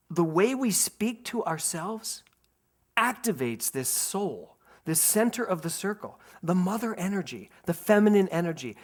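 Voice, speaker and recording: A middle-aged man from Philadelphia, preaching a sermon to his congregation and acting out a family story. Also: fairly high pitch. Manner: animated storyteller, laughs and acts out voices, speaks to the congregation. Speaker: minister. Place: spiritual center sanctuary.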